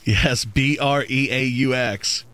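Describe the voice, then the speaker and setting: A man hosting a sports radio show, bantering and teasing his co-host in quick, playful chat. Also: mid-range voice, fairly even intonation, pushed and bright.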